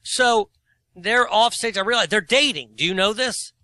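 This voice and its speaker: A man's voice: high voice, moderate pace, bright, forceful tone, no room sound. A man in his forties telling rambling, self-mocking stories in a casual podcast chat. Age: 40s. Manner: rambling storyteller, self-mocking, laughs at himself; opinionated and argumentative. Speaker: co-host.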